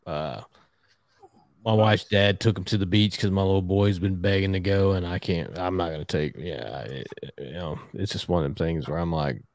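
A man hosting a podcast, chatting casually in a relaxed, profane way. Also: sits low, moderate pace, gravelly, no room sound, studio quality. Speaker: podcast host. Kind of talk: casual chat.

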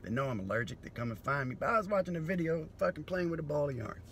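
A man doing a profane, sardonic comedy monologue that breaks into sudden loud bursts. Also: a little high, expressive, very fast, slight background noise.

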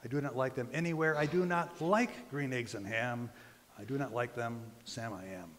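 A man's voice: medium pitch, normal speed, fairly bright tone, a little hiss or hum, natural voice. A stubborn, grumpy character who turns down a strange dish again and again, as a preacher reads him aloud. The man's lines bounce along in a sing-song rhyme, and his voice rings out in a church hall with a long reverb. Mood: stubborn refusal. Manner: sing-song rhyming recitation. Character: stubborn grumpy man refusing food.

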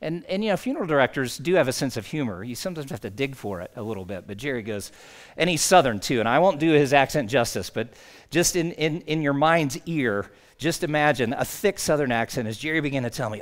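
A man's voice: mid-range voice, expressive, quick pace. A male pastor preaching a sermon in a conversational, anecdotal way.

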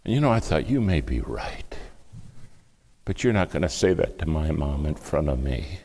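Man, sermon storytelling, very low pitch, dramatic hushed delivery. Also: big pitch swings, normal speed, creaky. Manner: dramatic storytelling, acts out quoted speech, shifts between hushed and loud. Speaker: preacher.

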